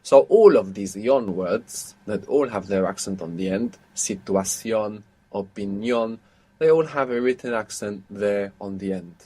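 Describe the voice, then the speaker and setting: A man's voice: fairly low pitch, lively intonation, measured pace, darkish tone. Patient male language teacher. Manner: patient, explains step by step. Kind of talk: audio course instruction.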